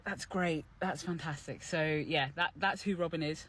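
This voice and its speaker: A young man, an actor and playwright, talking casually through his character's creation in an animated, chatty way, with many fillers and restarts. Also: on the high side, normal speed, breathy edge.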